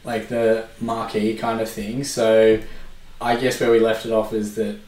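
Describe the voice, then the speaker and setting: A man's voice: on the low side, monotone, unhurried, a little mellow. An Australian man telling a casual story, his talk loose and full of "like". He sits back from the mic, so his voice comes through distant in a reverberant room. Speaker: podcast co-host. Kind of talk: casual chat.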